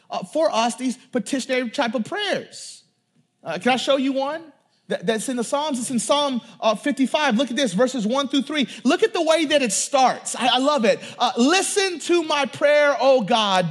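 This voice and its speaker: A man with a strikingly high voice delivers a sermon. He talks to the congregation in a loose, emphatic way and often repeats his words as he builds a point. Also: fairly bright tone, breathy edge. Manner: addresses the congregation directly. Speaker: pastor.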